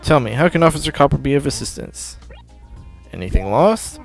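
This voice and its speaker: A man's voice: medium pitch, animated, fairly quick, creaky, faint music behind. A man voicing a stuffy male police dog officer in a game, speaking in a prim, officious way.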